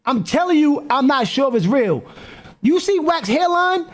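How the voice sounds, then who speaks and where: Stream reactor, male, high and lively delivery, repetitive, excitable commentary. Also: normal speed. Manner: animated, repeats himself, calls out to people.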